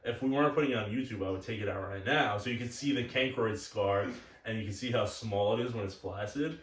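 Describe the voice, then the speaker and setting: A man's voice: fairly low pitch, fast talker, far from the mic. Crude, rambling young man in an echoey room. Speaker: podcast co-host. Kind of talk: casual chat.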